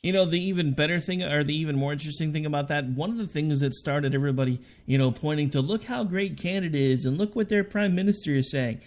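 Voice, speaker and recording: A man's voice: on the high side, quick pace, hardly any pauses, a little mellow. Sarcastic, opinionated talk-radio man. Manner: sarcastic, argumentative. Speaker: radio show co-host. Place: radio studio.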